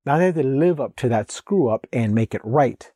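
A man's voice: medium pitch, animated, moderate pace, warm tone, no echo, clean studio sound. A man working as a real estate agent, giving blunt, emphatic advice in a casual talk straight to his viewers. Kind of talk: casual direct-to-camera advice monologue.

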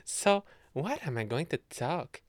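A man's voice: a little high, very animated, measured pace, dry recording. A young man from Canada chatting on his podcast from bed, giggling often, rambling and swearing. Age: young adult. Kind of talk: casual solo chat.

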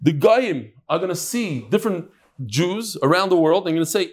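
A man's voice: high-pitched, animated, normal speed. A man teaching a Talmud class, reading Aramaic lines and explaining them in English with jokes. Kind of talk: Gemara class explaining text.

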